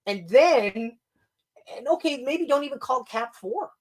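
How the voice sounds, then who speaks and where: A man's voice: extremely high pitch, measured pace. A man co-hosting a casual podcast, his voice bouncing all over the place as he talks. He swears freely and breaks into laughter often. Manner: animated, profane, laughing often. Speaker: podcast co-host. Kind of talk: casual chat.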